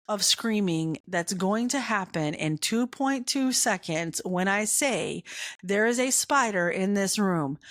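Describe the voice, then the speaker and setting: A woman hosting a podcast, telling a comic personal story with animated, dramatic emphasis and repeated punchlines. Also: mid-range voice, no echo, studio quality. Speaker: podcast host.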